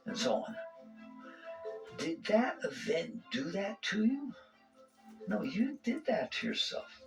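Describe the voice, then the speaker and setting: A man's voice: mid-range voice, rough recording. A man giving a conversational spiritual talk to an audience. He asks rhetorical questions and often chuckles. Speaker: spiritual teacher.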